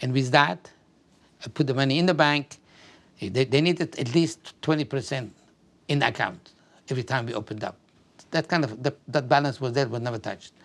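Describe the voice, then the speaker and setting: An older man from Afghanistan, telling his life story in an oral history interview, halting and often repeating words. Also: mid-range voice.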